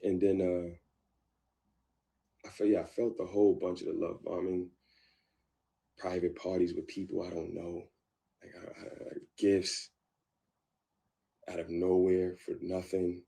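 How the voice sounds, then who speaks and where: Deep gravelly man telling his story. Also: flat delivery, dark tone. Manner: halting, repeats words and restarts often. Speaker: guest. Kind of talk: candid storytelling about a past relationship.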